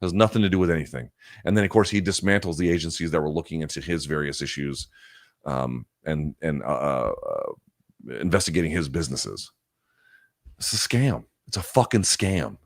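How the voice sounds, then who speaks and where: A very low-voiced man hosts a live chat stream, reading viewer questions and launching into heated, profane rants. He talks loosely, with fillers and restarts, into a close mic with a dry, dead sound. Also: animated, normal speed, gravelly, no room sound. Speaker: live chat show host. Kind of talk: casual livestream chat answering viewer questions.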